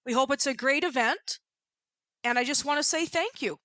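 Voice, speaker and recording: A woman hosting a podcast interview, retelling a bench story as an animated storyteller. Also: sits high, normal speed, no echo. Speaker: podcast host and coach. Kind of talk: conversational interview.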